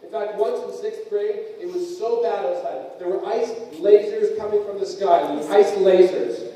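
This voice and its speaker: High-voiced man giving a comic keynote. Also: moderate pace. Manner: animated storytelling, big jumps to shouting for punchlines. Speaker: keynote speaker. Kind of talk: comedic motivational keynote. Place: large conference hall. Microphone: distant camera mic. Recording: echoey hall, distant mic.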